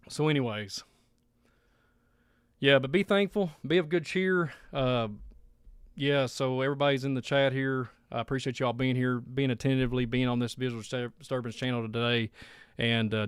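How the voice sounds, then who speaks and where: Man, live stream host, smooth clear voice, dry close sound, rambling and earnest. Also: medium pitch, steady tone, normal speed, no echo. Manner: rambling, heartfelt, repeats himself. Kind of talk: casual live stream sign-off.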